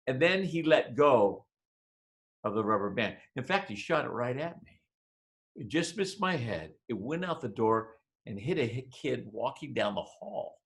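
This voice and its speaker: Animated man telling a motivational story. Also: on the high side, normal speed. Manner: dramatic, swings between loud and hushed. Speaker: motivational speaker. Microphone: webinar microphone.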